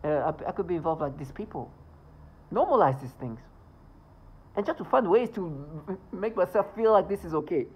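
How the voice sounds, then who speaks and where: A man's voice: high-pitched, lively intonation, brisk, breathy edge, low-quality recording. A man ranting indignantly in a vlog monologue, swearing as he talks. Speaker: vlogger.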